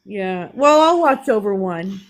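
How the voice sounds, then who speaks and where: A woman's voice: medium pitch, expressive, measured pace, rough recording. A woman with a New York accent hosting a live stream, talking candidly in casual chat with restarts. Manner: chatty, candid, with restarts and laughs.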